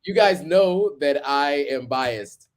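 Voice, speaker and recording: A man's voice: a little high, lively intonation, slow, a crowd in the background. Laid-back chuckling man hosting a live. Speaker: live stream host. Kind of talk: casual live-stream chat.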